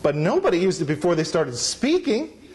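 A pastor delivering an emphatic sermon in a church, calling on the congregation to respond. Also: male voice, high-pitched, wildly swooping pitch, moderate pace, darkish tone. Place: church sanctuary.

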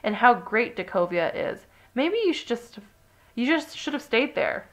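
A woman with a gravelly voice reading aloud as a young female mouse ballerina, proud and impulsive, in a children's storybook. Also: mid-range voice, animated, brisk, fairly bright tone.

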